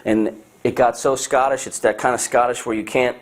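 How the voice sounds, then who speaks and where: Animated, swearing male director. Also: medium pitch, a little fast. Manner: animated, profane anecdote telling. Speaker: film director. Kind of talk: casual interview chat.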